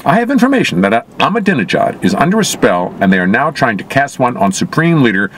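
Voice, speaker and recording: A man's voice: medium pitch, sing-song, a little fast. A man reading news reports aloud and adding wry, sarcastic asides of his own. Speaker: commentator. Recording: loud traffic noise outdoors.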